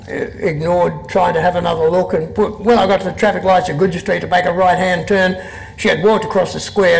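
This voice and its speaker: Gravelly high-voiced Australian man in his sixties. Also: rough recording. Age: 60s. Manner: dry, wry storyteller. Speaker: poet and guest. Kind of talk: reading poems and telling anecdotes on stage. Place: live event before an audience.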